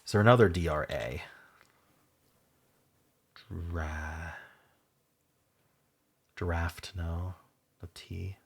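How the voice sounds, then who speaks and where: A man with a deep, slightly husky voice hosts a word-puzzle video, reasoning aloud as he works through guesses. He spells out letter combinations and lets his sentences fade off softly, with keys clicking in the background. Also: very slow, pauses often. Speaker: Wordle video host. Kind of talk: thinking aloud while solving a word puzzle.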